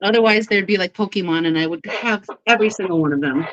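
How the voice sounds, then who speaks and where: A woman hosting a casual live stream, bubbly and quick to laugh, who baby-talks to her pets while she chats. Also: mid-range voice, very animated, no echo. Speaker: livestream host. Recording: dry, slightly dull livestream audio.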